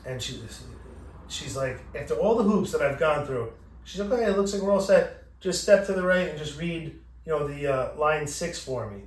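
A man with a fairly high voice tells a story in casual, foul-mouthed style, acting out every character's lines. He sits back from the mic in a bare, echoey room. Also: moderate pace, far from the mic. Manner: profane, animated, acting out both sides of the exchange. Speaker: podcast host.

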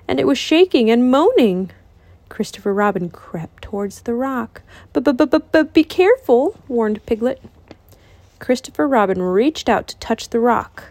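A woman reading a children's picture book aloud as host of a reading channel, in an expressive, lilting voice. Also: a little high, no room sound.

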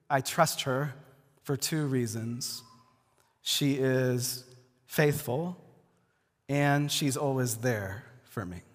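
A male pastor giving a conversational sermon to a congregation, talking casually and often restarting his words. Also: medium pitch. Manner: relaxed, repeats words as he restarts, addresses the congregation directly. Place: church before a live congregation. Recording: long hall reverb.

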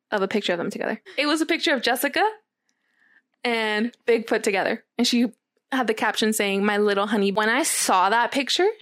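A young woman casually telling a long personal story, acting out what was said with lively quoting. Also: mid-range voice, no room sound, clean studio sound. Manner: animated storytelling, acts out quotes. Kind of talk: casual chat.

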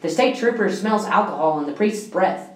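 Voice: medium pitch, animated, normal speed, roomy sound, far from the mic, low-quality recording. A person reading a countdown of jokes aloud, often stumbling and restarting mid-sentence. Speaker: joke reader.

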